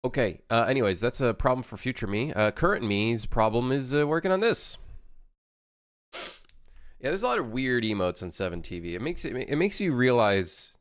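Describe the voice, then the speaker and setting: A man's voice: mid-range voice, sing-song, moderate pace, no echo, clean studio sound. A young man chatting casually on a game development live stream, rambling and correcting himself as he reads chat.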